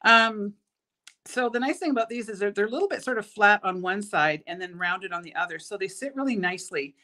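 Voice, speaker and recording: A woman's voice: mid-range voice, lively intonation, a little fast, sharp tone. Tired, chatty woman selling beads. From Canada. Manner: chatty, stumbles over words. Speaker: bead shop owner hosting a live product show. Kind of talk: casual live product showcase.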